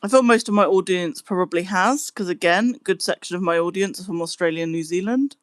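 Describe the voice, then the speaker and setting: A young woman chatting casually on a live stream, answering her chat in a relaxed way. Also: fairly low pitch, brisk, no room sound. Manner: chatty, giggly, breaks into laughing fits.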